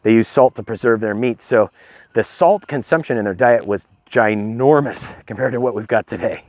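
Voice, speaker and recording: A middle-aged man with a mid-range, slightly mellow voice speaks at normal speed in a dry recording. As a health-advice vlogger in a casual filmed talk, he rambles into a stabilized handheld phone, short of breath and heavy on the ums.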